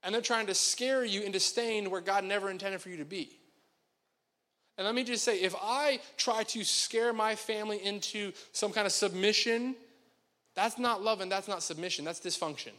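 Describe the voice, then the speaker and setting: A man with a high voice preaches in a church hall, and his words ring out with a long reverb. He keeps it conversational and joking and speaks straight to the congregation. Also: moderate pace, sharp tone. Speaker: pastor. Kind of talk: sermon. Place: church sanctuary.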